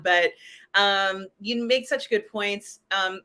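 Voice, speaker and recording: A woman's voice: lowish voice, steady tone, measured pace, sharp tone. A woman hosting a casual live-stream pop culture chat, talking in a chatty way with many "um"s and "you know"s. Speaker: host.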